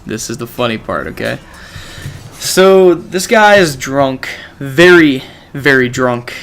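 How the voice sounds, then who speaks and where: A man's voice: mid-range voice, expressive, takes it slowly, fairly bright tone. A man from a gaming channel telling a story casually, rambling with lots of "you know" and "like".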